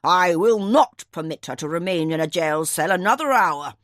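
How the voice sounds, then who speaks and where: A woman's voice: low-pitched, big pitch swings, takes it slowly, creaky, fairly bright tone, slightly rough, no room sound, clean studio sound, full character voice. A woman voicing a stern elderly grandfather in an audiobook, speaking firmly and formally. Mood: indignant. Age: older. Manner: firm, indignant, formal.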